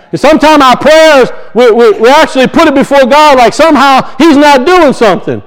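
A man's voice: extremely high pitch, a little fast, rough recording. A man preaching a sermon, emphatic and repetitive, his voice rising and falling as he drives points home.

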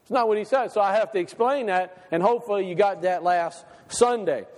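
High-voiced preacher with hall echo. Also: male voice, fairly quick, a little mellow. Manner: asks the congregation repeated questions; repeats phrases for emphasis, with frequent fillers. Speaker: pastor. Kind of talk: sermon. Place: church sanctuary.

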